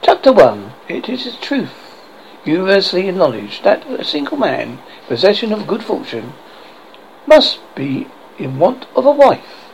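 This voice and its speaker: An audiobook reader narrating a classic novel aloud, expressive and with occasional restarts. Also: mid-range voice, normal speed, gravelly, slight background noise, low-quality recording.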